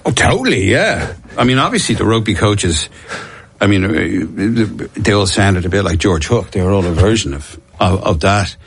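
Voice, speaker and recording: Appearing as a guest on a relaxed storytelling interview, this middle-aged Dubliner rambles, makes self-deprecating jokes, and frequently starts his sentences over. He is Irish, with a lowish, slightly rough voice that is expressive at a normal speed.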